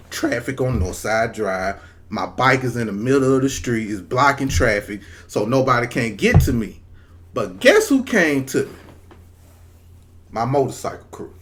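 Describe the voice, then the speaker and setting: A man in his forties casually telling a personal story to camera, profane and lively, acting out the voices of people in it. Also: mid-range voice. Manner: animated, profane, acts out quoted voices. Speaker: storyteller vlogger.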